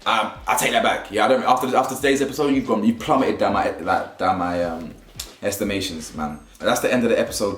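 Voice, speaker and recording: In an echoey room at home, a young man gives casual commentary on a reality show for his YouTube channel. He's animated and slangy, often repeating things to drive a point home, and his voice runs on the low side.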